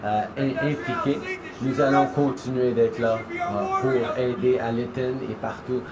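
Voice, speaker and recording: A man giving a formal public statement as a politician, measured and hesitant with fillers. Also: medium pitch, steady tone, echoey room, very noisy.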